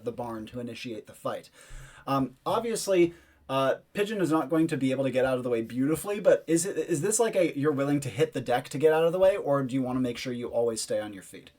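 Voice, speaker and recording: A man narrates a tabletop game as game master, painting scenes in rich detail. He talks casually, with fillers. His pitch sits in the middle range. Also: darkish tone.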